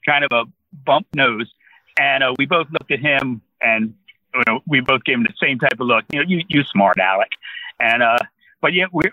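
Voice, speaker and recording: A man's voice: mid-range voice, no room sound, muffled recording. A man in his sixties from New Jersey, a guest telling a long rambling anecdote in casual conversation. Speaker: interview guest. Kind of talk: casual storytelling.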